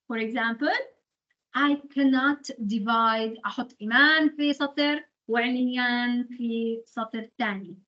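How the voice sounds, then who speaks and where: In a fast, high voice, a woman whose first language is Arabic gives a university lecture on English translation, muffled on the recording. She mixes English with Arabic as she works through rules step by step.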